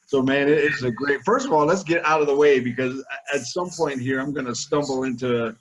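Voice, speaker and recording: A man's voice: mid-range voice, a little fast, crowd noise, rough recording. Upbeat slangy man hosting a webinar. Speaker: webinar host. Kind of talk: casual webinar interview.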